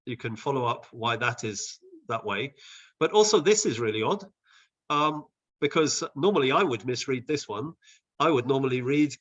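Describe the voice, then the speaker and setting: Bright-voiced man teaching a session. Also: medium pitch. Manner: thoughtful, with frequent hesitations and restarts. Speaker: Bible translation advisor leading a session. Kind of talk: explanatory teaching talk.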